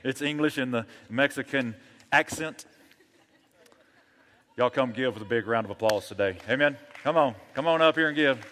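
Brief: male pastor, emphatic rallying sermon delivery, mid-pitched, long hall reverb. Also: normal speed, fairly bright tone, a little hiss or hum.

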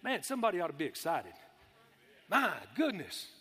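A man preaches with a high, ringing voice. He presses his points hard, asks the room for amens and slows right down on the words he wants to land. The sound carries a long reverb from the church hall. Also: wildly swooping pitch, bright, forceful tone, breathy edge. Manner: emphatic, calls for amens, drawls key words slowly. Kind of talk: sermon.

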